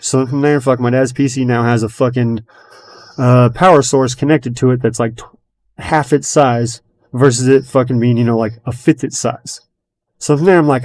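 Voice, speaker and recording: A man in a loose podcast conversation, with a voice of middling pitch. He rambles through a long story, swears nearly every sentence, fills gaps with uh and you know, and acts out what others said as he goes. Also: fairly even intonation, a little fast, darkish tone. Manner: rambling storyteller, swears constantly, many fillers; retells his own and others' words as quoted dialogue. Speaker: podcast host. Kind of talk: casual chat.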